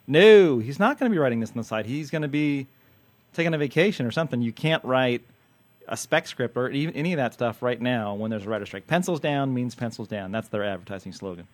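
A man's voice: mid-range voice, lively intonation, no room sound. Joking man hosting a podcast. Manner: jokey, rambling, quick to tease. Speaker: podcast host and TV critic. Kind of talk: casual podcast chat.

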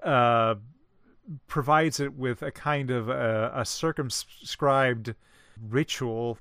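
Guy slowly explaining a story, stops to find words, smooth voice, dry close sound. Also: mid-range voice, fairly bright tone, no room sound. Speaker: discussion co-host. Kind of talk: casual literary discussion.

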